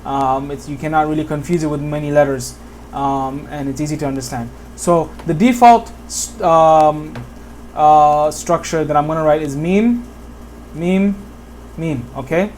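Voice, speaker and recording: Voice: medium pitch, a little slow, darkish tone, slight background noise. A teacher from Bangladesh giving a whiteboard lesson on Quran pronunciation, patiently repeating examples and often checking in with the listener. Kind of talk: whiteboard tutorial.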